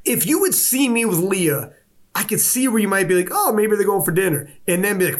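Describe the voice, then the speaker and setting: A man chatting on a sports podcast, his delivery lively and full of big pitch swings. His voice has a husky edge, and he swears freely while acting out what other people said. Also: a little fast. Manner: animated storytelling with profanity and voiced quotes. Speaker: podcast co-host. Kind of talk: casual sports podcast chat.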